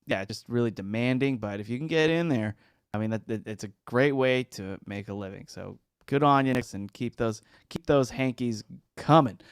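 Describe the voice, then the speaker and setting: A man's voice: mid-range voice, normal speed, clean tone, dry recording, clean studio sound. A man hosting a casual podcast, reading out listener comments in a rambling, easygoing way. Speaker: podcast host.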